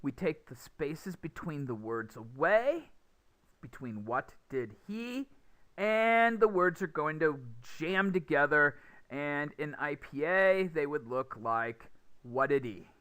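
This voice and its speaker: A man teaching English pronunciation in a lecture, speaking deliberately and acting out stressed and unstressed words as examples. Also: a little high, lively intonation, sharp tone, clear, resonant tone. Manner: slow, deliberate, demonstrative stress and pauses. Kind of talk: classroom lecture.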